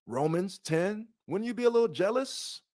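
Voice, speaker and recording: A man's voice: high voice, animated, moderate pace, darkish tone. Guy teaching bible study, reads verses then stops to ask you stuff, lots of restarts. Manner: reads scripture aloud with frequent restarts and rhetorical questions.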